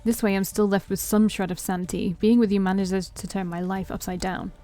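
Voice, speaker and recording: A woman's voice: mid-range voice, little pitch movement, fairly quick, warm tone, soft background music. A woman streamer reading a visual novel aloud, telling the story in the first person with a wry tone. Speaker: let's play streamer.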